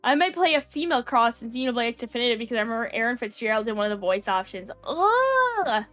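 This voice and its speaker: A woman's voice: on the high side, very fast, fairly bright tone, soft background music. A young adult woman chatting casually on a live stream, rambling with lots of fillers and giggles. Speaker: VTuber streamer.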